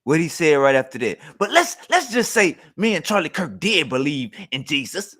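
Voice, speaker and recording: A man's voice: on the high side, wildly swooping pitch, moderate pace, a bit bright. Blunt, mocking male show host. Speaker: show host reacting to a clip. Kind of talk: casual commentary.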